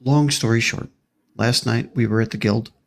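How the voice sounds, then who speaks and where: A man's voice: medium pitch, fairly even intonation, moderate pace, vocal fry. A man speaking in character as a very tall, polite male adventurer who talks formally and apologetically in a tabletop game.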